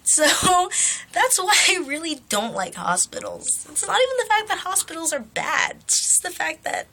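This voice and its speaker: A young woman vlogger telling a story casually, animated, swearing freely and laughing as she talks. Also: extremely high pitch, moderate pace.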